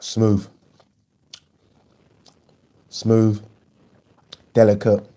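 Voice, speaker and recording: A man hosting a casual live stream, chatting and reading viewer comments aloud in an animated way. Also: lowish voice, extremely slow. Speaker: boxing channel host.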